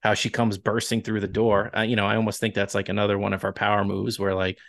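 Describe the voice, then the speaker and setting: A man's voice: fairly low pitch, monotone, fast, a bit bright, dry recording. A man with a Long Island accent co-hosting a casual podcast, chatty and leading the talk with hedging asides. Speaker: podcast co-host. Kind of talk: casual recap chat.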